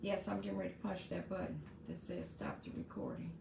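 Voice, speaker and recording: A woman's voice: lowish voice, huge pitch swings, fairly quick, gravelly, reverberant, background noise. A middle-aged woman hosting her own podcast, giving casual, earnest advice to parents with frequent asides and restarts. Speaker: podcast host.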